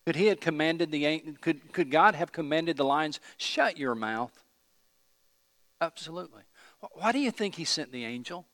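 A man's voice: on the high side, brisk, a bit bright, dry recording, big-room sound. A man pastor preaching a sermon, emphatic and putting questions to the congregation.

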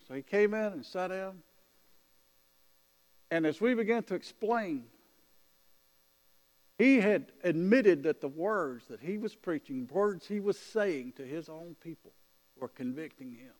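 A man preacher telling a story in a sermon, with animated delivery and quoted dialogue. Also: high-pitched, measured pace, long pauses. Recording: long hall reverb.

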